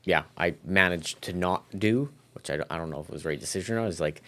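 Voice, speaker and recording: Low-pitched and a bit bright, a man talks at a quick pace as a guest on a podcast, discussing his business in a casual interview. He rambles and restarts his sentences many times.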